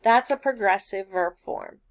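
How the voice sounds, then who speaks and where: A woman's voice: mid-range voice, expressive, measured pace, gravelly, no room sound. A woman teaching a recorded grammar lesson, patiently explaining step by step with everyday examples.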